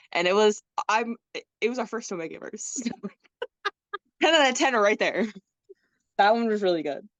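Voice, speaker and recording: A young woman co-hosting a casual podcast, chatting in an animated, rambling way. She laughs often and fills her talk with fillers. The sound is dry and close, with no room echo. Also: mid-range voice. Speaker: podcast co-host. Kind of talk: casual chat.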